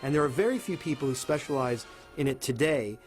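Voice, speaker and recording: A man's voice: mid-range voice, animated, fairly quick. A man speaking thoughtfully, with some hesitation, in a documentary interview. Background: music.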